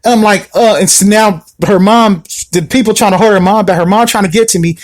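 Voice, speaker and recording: A man hosting a podcast, telling a personal story in a casual, animated way, with many restarts and repetitions. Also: high voice, fairly quick. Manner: animated, acts out the people in his story. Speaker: podcast host.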